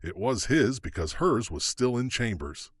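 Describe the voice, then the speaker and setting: A man's voice: medium pitch, sing-song, moderate pace, no room sound, clean studio sound. A man narrating an audiobook thriller dramatically, his pacing shifting with the action. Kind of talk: scripted narration.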